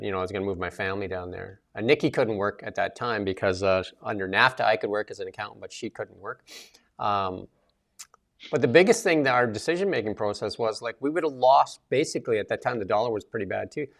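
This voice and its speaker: A man's voice: on the low side, creaky. A middle-aged man co-hosting a casual political chat, rambling with many fillers and restarts. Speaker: co-host.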